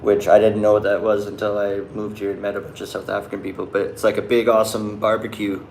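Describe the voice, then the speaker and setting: A man's voice: on the low side, monotone, quick pace, vocal fry, darkish tone, slight background noise. Laid-back guy, roomy echo. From Canada. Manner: rambling, loose, many likes and restarts. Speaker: vlogger answering live chat. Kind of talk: casual chat.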